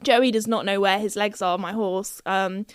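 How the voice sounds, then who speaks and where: A young woman hosting her own podcast, chatting casually and bubbly, often giggling and squealing with excitement. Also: medium pitch, normal speed, clean tone, no echo, clean studio sound. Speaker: podcast host.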